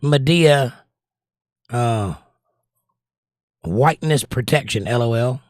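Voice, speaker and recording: A Southern American man chats casually on a livestream, reading out viewer comments and answering them with confident, opinionated takes. His voice sits at an ordinary middle pitch. The sound is dry and close, with no room echo. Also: takes it slowly. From Southern United States. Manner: opinionated, chatty, recommends movies with strong takes. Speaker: livestream host.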